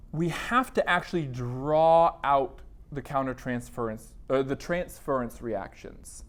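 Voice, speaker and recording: A man lecturing a counseling class in a classroom. His voice sits somewhat high for a man, and he keeps things conversational, slipping into quoted inner thoughts as he explains. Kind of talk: university lecture.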